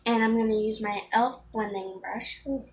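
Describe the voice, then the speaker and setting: A woman's voice: fairly high pitch, fairly even intonation, moderate pace, heavy background noise. A teenage girl chatting casually through a makeup tutorial, rambling with ums and restarts. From Florida. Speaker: beauty vlogger.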